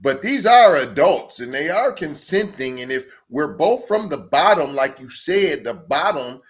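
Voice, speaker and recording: A man's voice: a little high, very animated, unhurried. A man giving a heated commentary rant, mocking and firing off rhetorical questions, often stammering and restarting as he picks his words. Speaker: online commentator.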